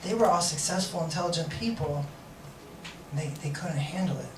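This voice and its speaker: A man's voice: on the high side, brisk, roomy sound, distant mic, slight background noise, rough recording. A man telling a rambling personal story on stage, restarting sentences and laughing at his own asides. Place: stage in a room.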